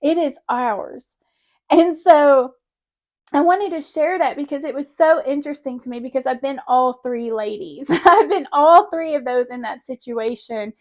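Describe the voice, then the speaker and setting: A young woman vlogger telling a personal story in a chatty, animated way, often laughing mid-sentence. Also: sits high, moderate pace, few pauses. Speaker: spiritual vlogger. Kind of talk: casual personal storytelling to camera.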